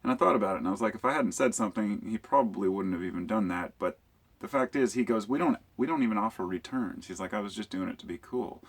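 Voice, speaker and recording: A man with a husky, somewhat low voice tells a long story to his camera. He rambles and restarts, acting out the other people's lines with sudden jumps in loudness. It sounds like casual vlog storytelling. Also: quick pace. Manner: rambling, animated retelling with quoted dialogue. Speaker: YouTuber.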